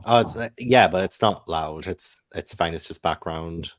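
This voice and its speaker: A man chatting casually as a guest on a video call, relaxed and jokey. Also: low-pitched, moderate pace, dry recording, studio quality. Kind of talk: casual chat.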